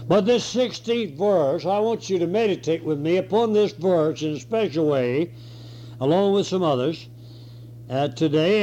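A man preaching a sermon and reading scripture, hoarse with a cold and clearing his throat now and then. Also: on the high side, animated, a little slow, mellow. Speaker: pastor. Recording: dull lo-fi recording.

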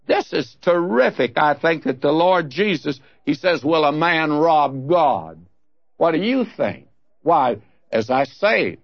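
A man's voice: on the high side, no echo, muffled recording. An older man teaching the Bible on radio, telling folksy stories and throwing out emphatic questions.

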